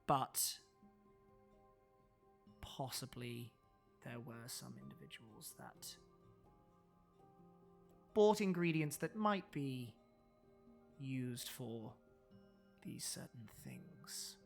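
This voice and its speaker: A man voicing a guarded male alchemy shopkeeper who speaks slowly, formally and at length in a tabletop role-play game. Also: on the high side, fairly bright tone, soft background music. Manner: slow, formal, wordy speech.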